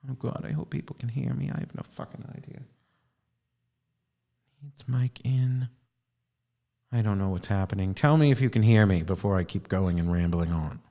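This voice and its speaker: A man's voice: on the low side, moderate pace, creaky, long pauses, mellow. A man hosting a live video stream, talking casually in a rambling, profane and sardonic way. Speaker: livestream host.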